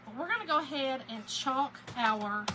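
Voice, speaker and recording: A chatty Southern woman talks her way through a craft live stream, her voice sitting a touch high. She breaks into a bright sing-song when she greets viewers by name. Steady background noise hums under her voice. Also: normal speed. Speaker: livestream crafter. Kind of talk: casual live-stream chat.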